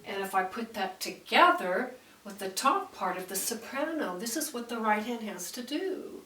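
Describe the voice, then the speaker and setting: Lady teaching piano, kinda high voice, sings rhythms, piano playing around her. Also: expressive, normal speed. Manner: explains music and sings out rhythms. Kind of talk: piano lesson. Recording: roomy echo, distant mic, piano between phrases.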